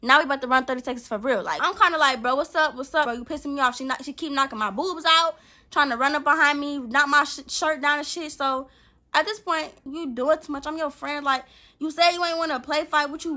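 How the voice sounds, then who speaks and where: High, bright-voiced young woman telling a story. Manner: animated, profane, acts out what she said. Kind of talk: casual storytime monologue.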